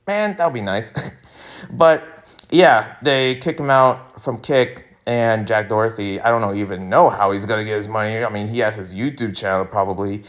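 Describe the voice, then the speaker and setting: A young man hosting a casual commentary vlog, rambling and laughing, with sudden jumps in pitch. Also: normal speed. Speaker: YouTuber host.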